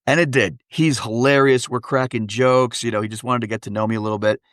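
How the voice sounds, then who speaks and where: Lively male dialect coach from Wisconsin, comic raconteur, medium voice. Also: mid-range voice, fast, no room sound, studio quality. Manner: animated, comic storyteller, fond of voices. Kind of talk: casual interview storytelling.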